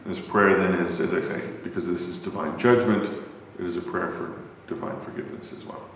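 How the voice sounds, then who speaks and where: A man teaching an adult Bible class in a church, talking thoughtfully, often pausing with fillers as he searches for the right word. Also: sits low, steady tone, slight background noise. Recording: echoey hall.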